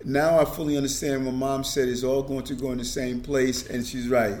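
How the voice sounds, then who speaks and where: A middle-aged man speaks earnestly as an interview guest, often repeating a word as he gets a sentence going. His pitch sits at an ordinary level for a man. A faint hiss runs under the recording. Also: flat delivery, normal speed, darkish tone. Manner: earnest, repeats words when starting sentences. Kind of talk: casual conversation.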